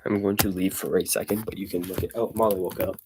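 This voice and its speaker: Low-voiced guy kinda out of breath, rambling through game results on stream. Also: steady tone, quick pace, background noise. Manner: rambling, offhand, jokey asides. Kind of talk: casual livestream chat, reading game events aloud.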